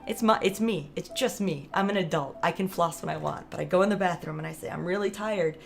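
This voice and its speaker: A woman's voice: fairly low pitch, quick pace, gravelly, faint music behind. A woman vlogger talking casually to camera, chatty and rambling, laughing often.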